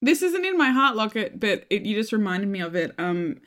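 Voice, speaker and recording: A woman's voice: medium pitch, very animated, a little fast, fairly bright tone. Chatty woman co-hosting a podcast. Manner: chatty, musing aloud, agreeable. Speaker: podcast co-host. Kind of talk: casual fan podcast chat.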